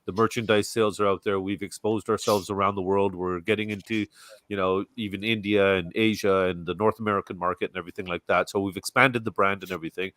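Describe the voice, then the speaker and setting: A man's voice: low voice, fairly even intonation, a bit bright, no echo. A middle-aged man from Canada, chatting earnestly and rambling a bit as co-host of a fan show over a video call. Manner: earnest, rambling, quick to laugh. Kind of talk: casual fan-show chat. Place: home near Toronto. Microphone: video call mic.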